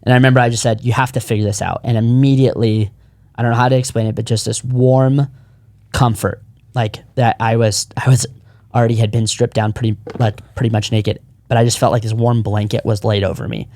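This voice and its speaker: A man's voice: mid-range voice, steady tone, brisk, a little mellow, no echo. A man in his thirties, a podcast co-founder, telling his personal story in casual chat, earnest and rambling with frequent restarts.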